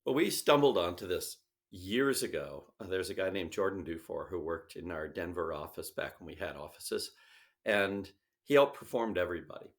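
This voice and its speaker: A middle-aged man answers interview questions as an animated storyteller. His low voice swoops widely in pitch as he acts out the lines of people in his anecdotes. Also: moderate pace, vocal fry. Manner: animated storyteller, acts out quoted dialogue with big pitch jumps. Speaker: sales company founder, guest.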